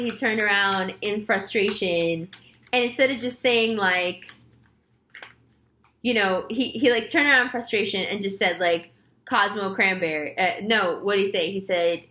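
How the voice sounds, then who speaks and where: Chatty woman telling a story. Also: mid-range voice. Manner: chatty, animated storytelling with quoted voices. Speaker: tarot reader. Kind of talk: casual monologue to camera.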